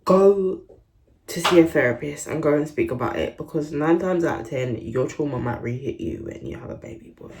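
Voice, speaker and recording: A young woman with a fairly low voice talks in a confessional vlog. She slips between near-whispers and sudden louder, quicker stretches. A faint hiss sits under the recording. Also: expressive, gravelly. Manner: drops to a whisper often, then rises loud and quick. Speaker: vlogger.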